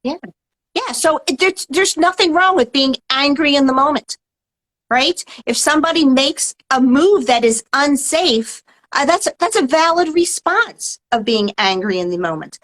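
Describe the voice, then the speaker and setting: High-pitched woman, mindfulness teacher, calm and earnest interview guest. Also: a little slow, rough recording. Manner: calm, earnest, explanatory, many "right?" tags. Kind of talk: interview answers.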